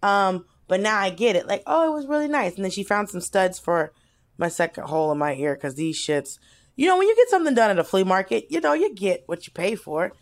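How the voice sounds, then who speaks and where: A woman co-hosting a podcast in casual chat, telling stories in an animated, blunt and expressive way. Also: mid-range voice, brisk. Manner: animated storyteller, blunt and expressive, swings between loud and soft. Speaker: podcast co-host.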